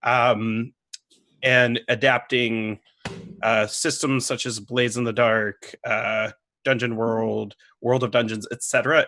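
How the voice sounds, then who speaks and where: A man's voice: mid-range voice, bright, forceful tone, dry recording. A man introducing himself as a game designer and player, speaking eagerly with some fillers. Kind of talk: casual self-introduction.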